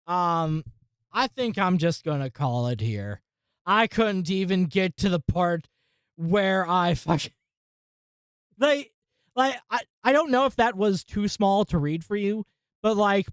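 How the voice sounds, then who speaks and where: Slow-talking, exasperated woman tech vlogger. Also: medium pitch, clear, resonant tone, no room sound, studio quality. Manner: exasperated, muttering to herself, swearing; addresses viewers as folks and guys. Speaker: tech channel host. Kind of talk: casual tech vlog, talking through a live install.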